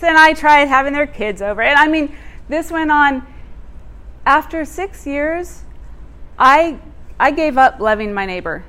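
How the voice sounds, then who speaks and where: A woman telling a personal testimony in a sermon, animated and expressive, laughing as she tells it. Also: high voice. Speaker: church speaker.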